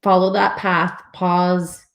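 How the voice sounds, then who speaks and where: A woman's voice: lowish voice, flat delivery, slow pace, slight background noise, poor audio. A woman delivering a spiritual card reading in earnest, repetitive, encouraging phrases. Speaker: co-reader giving card messages.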